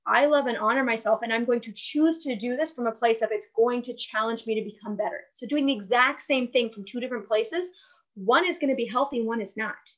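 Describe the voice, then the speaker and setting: A woman with a fairly high voice talks as a wellness coach in a conversation. She explains her ideas earnestly and gets animated as she makes her points. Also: fairly quick, low-quality recording. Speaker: guest, fitness and wellness coach. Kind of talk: casual conversational interview.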